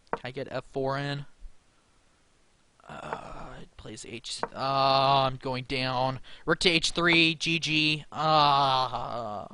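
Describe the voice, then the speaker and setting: A man's voice: mid-range voice, steady tone, measured pace, sharp tone, slight background noise. A young man talking himself through a chess game against the computer, anxious and laughing nervously at his own moves. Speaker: chess streamer. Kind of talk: live game commentary.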